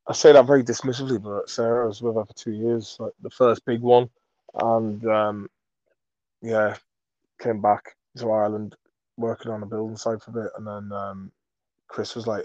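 A man's voice: on the low side, level tone, moderate pace, a little mellow, no room sound, highs cut off. Man from Merseyside telling rambling anecdotes. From Merseyside, England. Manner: rambling anecdotes with swearing, laughs and restarts. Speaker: comedy creator, guest. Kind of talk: casual storytelling in an interview.

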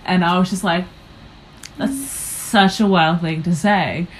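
A young American woman, a comedian guesting on a casual interview, speaks slowly in a notably low voice, with a faint hiss in a low-quality recording. She rambles through her stories with lots of fillers and acts out her own reactions.

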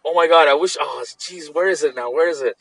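A man's voice: on the high side, brisk, over a noisy crowd, low-quality recording. A young man co-hosting a podcast, chatting in a laid-back, joking way. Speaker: podcast co-host. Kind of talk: casual chat.

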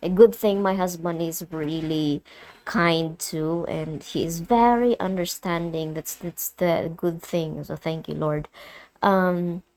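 A young Filipino woman with a mix of American and British in her accent, hosting a personal solo podcast and talking candidly and emotionally, often halting and restarting. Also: lowish voice, fairly even intonation, darkish tone. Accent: Filipino, mixed with American and British. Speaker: podcast host.

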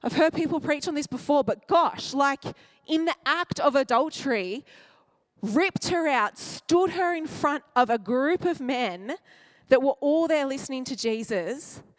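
A woman's voice: high-pitched, animated, measured pace, dry recording. A woman pastor preaching a sermon with emotion, acting out quoted voices and dropping to a near-whisper at tender moments.

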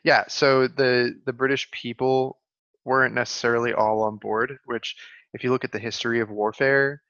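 A man's voice: mid-range voice, flat delivery, normal speed, fairly bright tone, dry recording, muffled recording. A young man co-hosting a casual history podcast, chatty and full of fillers. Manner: chatty, many fillers, lots of "like". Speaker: podcast co-host.

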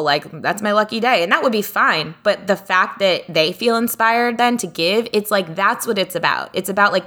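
A woman's voice: on the low side, pushed and bright. A woman co-hosting a podcast in casual chat, rambling with many filler words as she animatedly retells a story. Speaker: podcast co-host.

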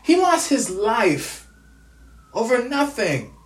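Grieving, furious man from the US, profane vlog rant with a lively, swinging pitch and stammered restarts; echoey room sound. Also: takes it slowly. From United States. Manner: angry, profane, stammering repetitions. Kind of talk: angry personal vlog rant.

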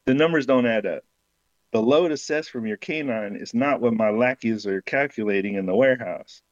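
A man's voice: medium pitch, normal speed, dry recording, lo-fi sound, lightly acted. A man reading the lines of a cold, demanding male crime boss who bargains curtly. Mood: gruff. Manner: grumbling, curt bargaining.

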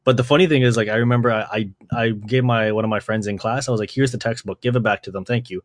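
A young man from Canada hosting a podcast, telling stories in a casual chat, swearing often and acting out quotes in a higher voice. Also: fairly even intonation, quick pace, no room sound, studio quality. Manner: laid-back, swears a lot, acts out quotes with a jump in pitch. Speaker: podcast host.

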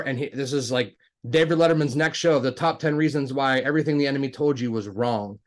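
A man telling a personal story in a relaxed, conversational way. He is a self-styled joker with a mid-range voice. He gets animated and climbs higher whenever he quotes someone. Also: fairly quick, hardly any pauses. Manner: animated, acts out dialogue with raised pitch; self-described jokester, talkative with many restarts. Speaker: guest telling his faith story. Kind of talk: casual storytelling.

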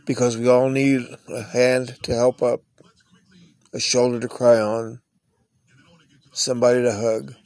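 A man's voice: mid-range voice, level tone, a little slow, pauses often, darkish tone. A man hosting his own podcast, talking in a rambling, earnest, unscripted monologue. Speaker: podcast host. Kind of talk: casual monologue.

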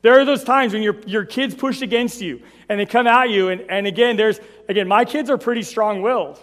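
High-voiced male pastor in a reverberant hall. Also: a little fast, fairly bright tone. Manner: conversational preaching, tags lines with "right?". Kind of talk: sermon.

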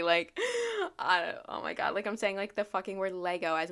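Young woman, bright edge to the voice, loose self-mocking vlog rant full of "like". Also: fairly low pitch, steady tone, brisk. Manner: candid, swears freely, self-mocking, lots of "like". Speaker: vlogger. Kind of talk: casual rambling monologue.

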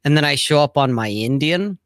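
A man's voice: fairly high pitch, animated, brisk, fairly bright tone, no room sound. A middle-aged man co-hosting a casual chat, talking bluntly and rambling, with frequent swearing. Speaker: co-host.

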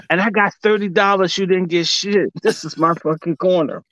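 A man from Washington, D.C., telling a comic story in casual talk, profane and animated, laughing often and acting out what people said. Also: sits high, normal speed, hardly any pauses, no room sound. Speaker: commentator.

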